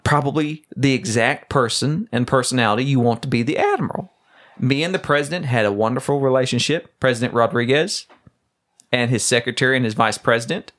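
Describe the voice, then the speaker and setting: A man co-hosting a podcast, telling a game story in casual chat and acting out the dialogue in a lower voice. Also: a little fast, a bit bright. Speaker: podcast co-host.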